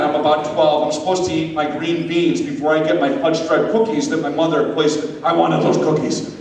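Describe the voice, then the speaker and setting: A man with a fairly high voice tells a story to a confirmation class with animated energy. He keeps turning to the crowd to address them directly. The sound is distant and washed in a long hall reverb, with a faint hum behind it. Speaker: confirmation speaker. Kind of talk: storytelling youth talk. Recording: echoey hall, distant mic.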